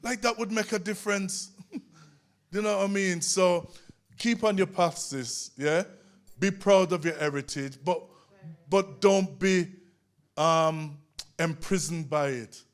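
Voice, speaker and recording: A man's voice: sits high, slow. A man from Britain speaking passionately as a guest at a live panel discussion, often checking in with "you know what I mean". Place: museum event space.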